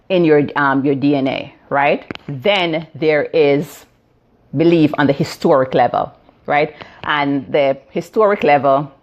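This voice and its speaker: A Jamaican woman in her fifties, a healing practitioner explaining ideas on a phone live stream, with many fillers and "right?" check-ins. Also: sits low. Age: 50s. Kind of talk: live-stream teaching talk.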